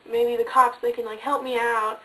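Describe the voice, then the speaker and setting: A woman's voice: a little high, flat delivery, moderate pace, bright, forceful tone, recorded from a distance, poor audio. A woman voicing a nervous young wife who asks anxious, exasperated questions.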